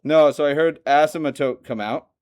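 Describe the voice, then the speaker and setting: A man teaching a math lesson to a classroom, lively and joking, often asking the students questions. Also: on the high side, normal speed, clear, resonant tone. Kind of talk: classroom lecture.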